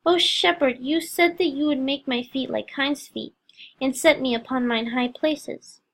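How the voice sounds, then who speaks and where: Woman reads a trembling, tearful young heroine, high and pleading. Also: a little slow. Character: timid frightened crippled young woman.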